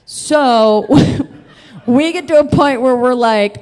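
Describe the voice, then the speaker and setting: A woman's voice: high voice, very slow, darkish tone, long reverb tail. Laughing, chatty woman telling a story. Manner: chatty, laughs often, swears freely. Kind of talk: live stage storytelling.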